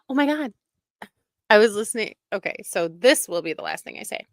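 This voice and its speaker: A woman's voice: lowish voice, a bit bright, smooth, no room sound. A woman hosting a casual commentary show, talking in an indignant, emphatic way. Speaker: commentary host.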